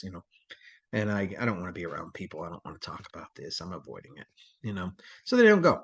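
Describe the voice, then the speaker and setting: A man's voice: lowish voice, sing-song, fast talker, breathy edge. A man teaching a crisis response training lecture in a rambling, conversational way, with many fillers and restarts.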